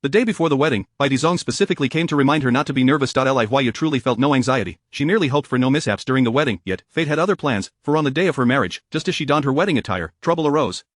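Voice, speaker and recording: A man reading a romance story aloud as narrator, in a steady, even voice. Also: medium pitch, racing, hardly any pauses, dry recording, clean studio sound.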